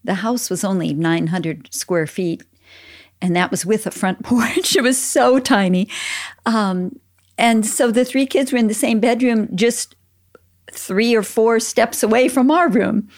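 An older woman co-hosting a Christian parenting talk, telling family stories in a gentle, earnest way. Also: a little high, a little slow. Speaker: podcast co-host, mother.

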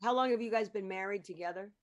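A woman's voice: medium pitch, fast talker. A woman hosting a casual chat, bubbly and loose, now and then swearing. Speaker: host.

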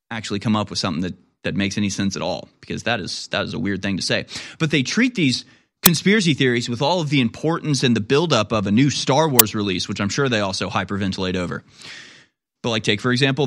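A man's voice: mid-range voice, fairly bright tone. A man hosting a commentary show, reacting to online posts in a sarcastic, incredulous way. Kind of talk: mocking political commentary.

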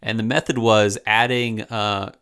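A man co-hosting a podcast, talking in a relaxed, jokey way with hesitant fillers. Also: fairly low pitch, a little slow, clean tone. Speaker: podcast co-host. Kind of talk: casual chat.

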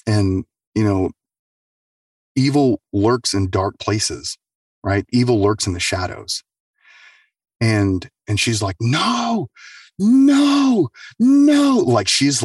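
A man with a low, husky voice tells a true story in casual, profane talk, full of fillers and "right?". The sound is dry and close. He sits a little back from the microphone. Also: no room sound, distant mic. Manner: loose, profane, filler-heavy, keeps asking "right?". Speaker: storyteller sharing a true experience.

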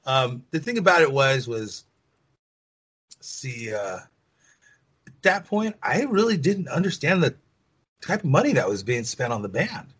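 Husky middle-aged man, swearing. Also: mid-range voice, very animated, unhurried, pauses often, fairly bright tone, poor audio. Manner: profane, rambling, many "you know" fillers. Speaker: rock band lead singer, guest. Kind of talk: casual interview storytelling.

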